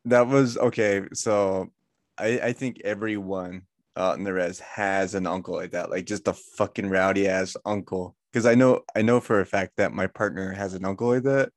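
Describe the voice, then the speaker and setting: A man's voice: low voice, steady tone, normal speed, no room sound, clean studio sound. A young man co-hosting a podcast, chatting casually, laid-back and chuckling, swearing now and then. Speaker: podcast co-host. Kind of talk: casual chat.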